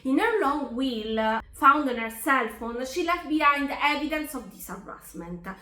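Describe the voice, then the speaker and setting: A woman's voice: high voice, animated, normal speed, bright, forceful tone, roomy sound. A woman narrating a true story in a scripted way, reading out text messages with earnest indignation.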